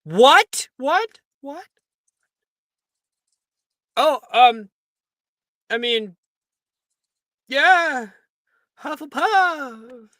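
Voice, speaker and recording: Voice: lively intonation, very slow, long pauses, fairly bright tone, no room sound, studio quality, full character voice. A game master voicing a scruffy, nervous schoolboy who stammers and blurts out questions. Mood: flustered. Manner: stammering, higher-pitched, squawking questions.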